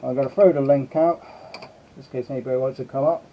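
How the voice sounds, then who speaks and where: A man's voice: mid-range voice, steady tone, fast, slight background noise. A man hosting a casual live stream, chatting and greeting his viewers one by one. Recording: slightly dull lo-fi sound.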